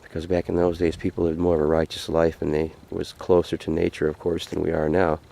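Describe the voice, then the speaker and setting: A man telling a folk tale in an unhurried, folksy way, repeating phrases as he goes. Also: sits low, completely flat delivery, creaky, dark tone. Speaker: vlogger telling a story. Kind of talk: folksy spoken storytelling. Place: outdoors by a frozen lake.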